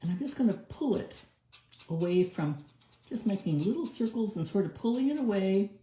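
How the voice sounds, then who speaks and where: A woman's voice: mid-range voice, expressive, moderate pace, dark tone. A woman doing a live card-making demonstration, chatting through each step as she works. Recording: echoey room.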